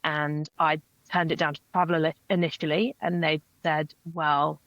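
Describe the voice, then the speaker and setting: Young English woman guest, brisk anecdotes, gravelly edge, muffled lo-fi remote recording. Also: low-pitched, flat delivery, fairly bright tone, dry recording. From England. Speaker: interview guest. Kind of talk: recorded interview.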